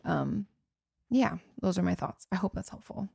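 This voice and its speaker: Female therapist-host, casual advice chat, earnest and conversational, slight vocal fry. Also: fairly low pitch, moderate pace, dark tone, no room sound, clean studio sound. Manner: earnest, conversational, frequent "you know" asides. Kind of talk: casual advice talk answering listener questions.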